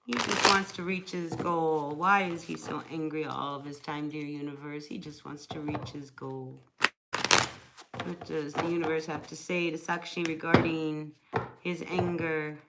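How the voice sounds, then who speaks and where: A woman's voice: deep voice, steady tone, a little slow, heavy background noise. A woman chatting casually during a live tarot reading, answering viewers by name and laughing often. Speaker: tarot reader.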